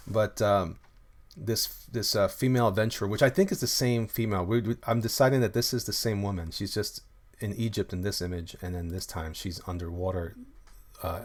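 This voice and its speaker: A man with a fairly low voice talks loosely through his illustrations on a live stream. He rambles and restarts often in an easy, friendly way, stopping to read out comments from viewers. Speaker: comic artist streaming live. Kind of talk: casual livestream chat reading viewer comments.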